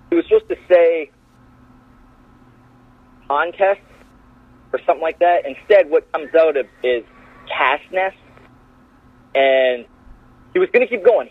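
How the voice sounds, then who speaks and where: Over a tinny phone line, a wrestler guest casually recounts backstage stories, getting animated and voicing the quotes in different voices. His voice is a little high and slightly rough. The recording is dry.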